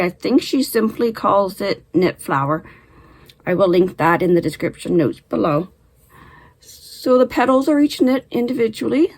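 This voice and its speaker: Chatty and friendly, this knitting channel host talks from her Canadian home, a bit breathless after being ill and now and then coughing or clearing her throat. She has a mid-range voice, captured in a low-quality recording.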